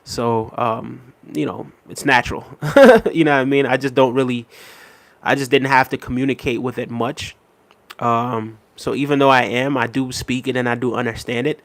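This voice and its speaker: A man hosting a live stream, reading viewer comments aloud and answering in a relaxed, chatty way with lots of "um" and "you know what I mean". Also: mid-range voice, moderate pace. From Jamaica.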